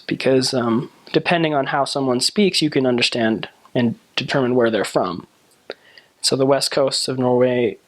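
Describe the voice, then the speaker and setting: A man, a returned missionary, speaking earnestly and conversationally with frequent fillers. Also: medium pitch. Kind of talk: casual explanatory talk.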